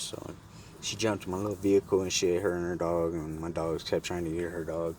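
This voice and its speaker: A man's voice: sits low, flat delivery, normal speed, a little mellow, slight background noise. A man vlogger casually telling a story in a laid-back, slangy, profane way.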